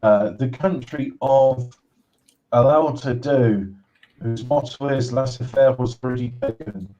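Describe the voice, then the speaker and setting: A man hosting a casual livestream game show, talking haltingly with many restarts and dry sarcastic jokes. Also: medium pitch, warm tone, muffled recording.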